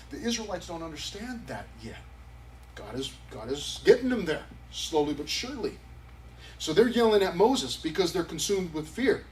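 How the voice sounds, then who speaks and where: A man's voice: high-pitched, far from the mic, slight background noise, low-quality recording. A male pastor preaching a sermon at a youth service in a conversational, emphatic way. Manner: conversational and emphatic, acting out quotes.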